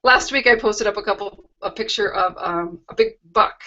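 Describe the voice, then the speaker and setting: A middle-aged woman hosts a live craft stream from her home, casually chatting and touring products with homey, rambling asides. Her voice is medium-pitched, at a normal speed, pushed and bright. It's lo-fi video call audio picked up by a webcam.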